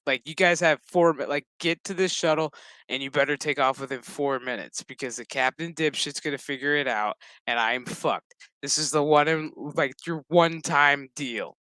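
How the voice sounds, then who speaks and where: A man's voice: on the high side, moderate pace, dry recording, poor audio. A man casually recapping a TV episode, swearing freely and acting out the characters' lines as he goes. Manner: profane, excitable, acts out characters' lines. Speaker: show recap host.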